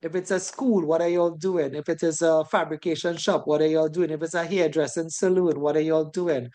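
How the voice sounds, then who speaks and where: Caribbean lady teaching a safety course, kinda low voice, keeps saying right?. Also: fairly even intonation, brisk, mellow. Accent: Caribbean English. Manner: chatty, tags sentences with "right?". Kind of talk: classroom lecture.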